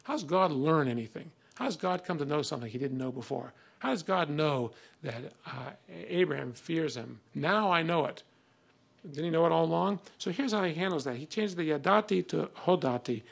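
A man's voice: fairly high pitch, expressive, normal speed, gravelly, breathy edge. A man giving a conversational classroom lecture on old texts, reading passages aloud with emphasis between many fillers.

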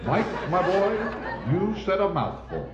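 Male documentary narrator, lively delivery, lo-fi archival audio with crowd bed. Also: high voice, measured pace, reverberant, music in the background. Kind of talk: scripted narration.

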